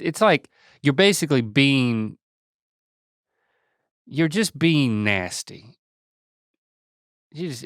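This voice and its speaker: A middle-aged man hosts a relaxed chat, reacting with laughter and mock exasperation. His pitch swings widely and his pace is unhurried. The close, dry recording has no room sound. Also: vocal fry, no echo. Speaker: podcast host. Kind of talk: casual podcast chat.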